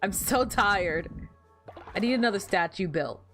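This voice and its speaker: A woman's voice: mid-range voice, a little slow. Woman streamer chatting to chat while she plays, bouncy up-and-down voice, gets flustered easy, little game music under it. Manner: chatty, animated, easily flustered, talks to viewers. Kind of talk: casual gameplay commentary to chat.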